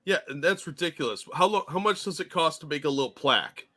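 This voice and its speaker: A man's voice: a little high, animated, quick pace, pushed and bright. A man co-hosting a casual political talk stream, blunt and profane as he rants.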